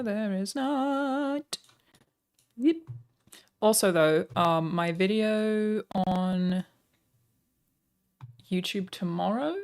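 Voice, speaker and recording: Sarcastic, swearing woman streamer. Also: fairly low pitch. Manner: sarcastic, profane, deadpan joking. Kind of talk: live-stream chat.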